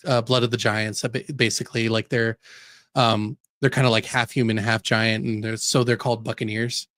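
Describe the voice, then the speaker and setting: A man co-hosting a podcast, recounting stories in animated casual chat. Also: medium pitch, normal speed, dry recording, studio quality. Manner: animated storyteller, laughs while talking. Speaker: podcast co-host.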